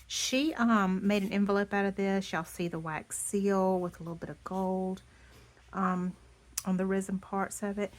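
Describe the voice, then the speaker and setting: A woman, hoarse from losing her voice, chatting casually as she shows off handmade craft pieces, gushing and often dropping into soft half-whispers. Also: medium pitch, steady tone, normal speed. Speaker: craft vlogger. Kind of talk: casual show-and-tell chat.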